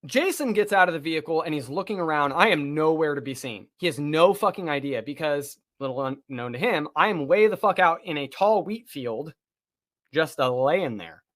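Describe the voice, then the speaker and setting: In a casual podcast chat, a male co-host tells a long personal story, animated and swearing freely. His voice is a little high and he talks at a normal speed.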